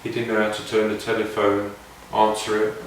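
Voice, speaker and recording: This man, a didgeridoo player, recounts meandering, reflective anecdotes full of restarts in a fairly low, monotone voice at a fairly quick pace. His casual stories come from a far-off mic in a very echoey room, with a little hiss or hum.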